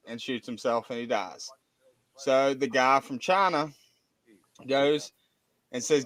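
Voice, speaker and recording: A man's voice: medium pitch, unhurried. A man co-hosting a casual chat, self-deprecating and fumbling as he talks.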